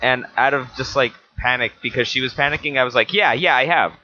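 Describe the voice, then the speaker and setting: A man's voice: medium pitch, fast talker, pushed and bright. A teenage boy co-hosting a casual podcast, easygoing and teasing. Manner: easygoing, teasing, laughs often. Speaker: podcast co-host. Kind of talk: casual chat. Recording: dull lo-fi recording with faint hiss.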